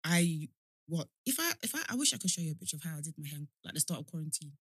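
A woman chatting casually with a friend, animated and teasing, often breaking into laughter. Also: deep voice, very fast, breathy edge, no room sound. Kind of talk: casual chat between friends.

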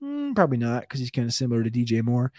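Casual stammering fantasy football host. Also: male voice, mid-range voice, wildly swooping pitch, very fast, darkish tone, no echo, studio quality. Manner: rambling, stammers on names. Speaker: podcast co-host.

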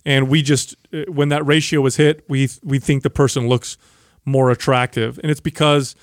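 A man's voice: mid-range voice, little pitch movement, normal speed, no room sound. Podcast guy explaining stuff plainly, dry close mic. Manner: explanatory, matter-of-fact. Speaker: podcast co-host. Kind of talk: casual chat.

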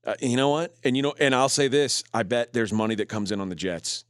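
A man's voice: medium pitch, a little fast, no echo, clean studio sound. A man hosting a sports betting podcast, chatting casually as he talks through point spreads and odds.

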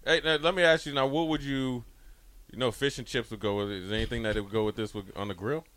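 A man hosting a radio show, asking drawn-out joking questions in casual chat. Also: medium pitch, steady tone, a crowd in the background. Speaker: radio host. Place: radio studio.

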